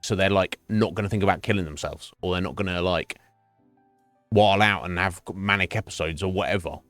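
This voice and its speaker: Profane, animated male streamer ranting. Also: sits low, a little fast, no echo, faint music behind. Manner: animated, profane, repeats words, laughs often. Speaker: livestreamer. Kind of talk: casual ranting chat while gaming. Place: home streaming setup.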